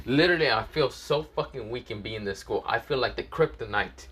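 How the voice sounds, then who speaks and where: A man putting on a foul-mouthed young guy who could not care less. The voice is bright and edgy, the delivery flat and dismissive, thick with swearing, like a fan story read aloud. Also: medium pitch, brisk, slightly rough. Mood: scornful.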